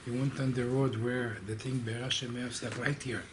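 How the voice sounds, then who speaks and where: A man's voice: mid-range voice, little pitch movement, normal speed. Man in the class chiming in, chatty, audible noise behind him. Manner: chatty, relays a story he heard. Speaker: class attendee. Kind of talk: casual comment in class.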